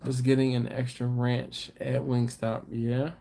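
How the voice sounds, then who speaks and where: A man's voice: medium pitch, completely flat delivery, unhurried, gravelly, dark tone. A man hosting a live stream, casually chatting and reading viewer comments with easygoing chuckles. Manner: laid-back, chuckling, chatty asides to viewers.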